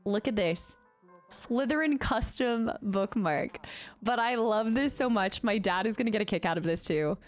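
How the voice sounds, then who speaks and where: A woman's voice: medium pitch, expressive, normal speed, faint music behind. A young woman chatting casually on a livestream in a bubbly way, thanking viewers and cooing at her pet.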